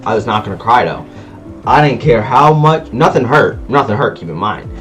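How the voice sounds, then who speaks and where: A man telling a personal story in a casual vlog, animated and slangy, acting out sounds as he goes. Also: mid-range voice, normal speed, faint music behind. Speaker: vlogger.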